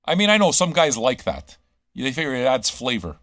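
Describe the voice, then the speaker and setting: A man's voice: medium pitch, big pitch swings, fairly quick, a bit bright, no room sound, clean studio sound. A man hosting a live radio stream, ranting crudely at his listeners with constant swearing and rhetorical questions. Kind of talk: crude rambling monologue to chat.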